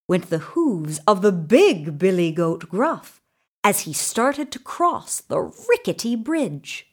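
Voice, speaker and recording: A woman narrating a children's storybook with expressive, animated storytelling. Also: fairly low pitch, slow. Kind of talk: storybook reading.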